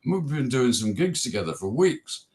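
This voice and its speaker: A man's voice: mid-range voice, very animated, normal speed, a little mellow. An English man, a musician, telling stories in a casual interview, retelling old conversations with chuckles. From England. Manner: anecdotal, chuckling, retells dialogue. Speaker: guest musician.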